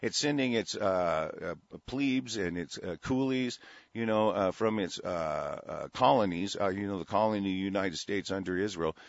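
A low-voiced man rants angrily, swearing and stumbling over his words between news items he reads aloud. The sound is dry and dull, like a lo-fi home recording. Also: normal speed, gravelly, no room sound. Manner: angry, profane, stumbling ranting. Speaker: host. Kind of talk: ranting commentary over read news.

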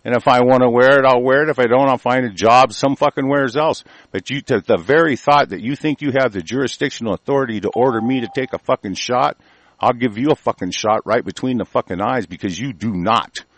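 A man's voice: medium pitch, brisk, no echo. A man hosting a commentary show, delivering an angry, profane rant and stumbling over words as he reads a news article aloud. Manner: aggressive, cursing, stumbles while reading aloud.

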